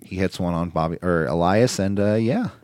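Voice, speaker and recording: A man's voice: deep voice, normal speed, darkish tone, no room sound. A man co-hosting a casual chat, rambling with lots of fillers as he retells events. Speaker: podcast co-host.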